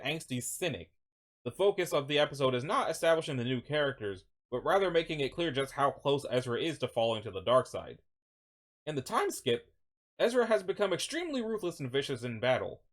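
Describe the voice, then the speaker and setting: Lively, higher-voiced man reading commentary. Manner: animated, frequent self-corrections. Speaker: video narrator.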